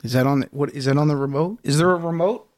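A man's voice: fairly high pitch, quick pace, no echo, studio quality. A man co-hosting a comedy podcast, reading game rules aloud in a laid-back, swearing way. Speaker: podcast co-host.

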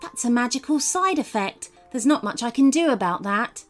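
A woman's voice: on the high side, lively intonation, moderate pace, soft background music, natural voice. A woman voicing Lila the kind unicorn. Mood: gentle. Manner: gentle, reassuring. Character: kind young female unicorn.

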